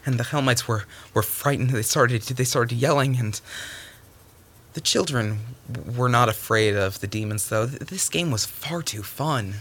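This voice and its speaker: A man telling a folktale aloud, animated, with stumbling restarts and sudden hushes. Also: medium pitch, unhurried. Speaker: storyteller.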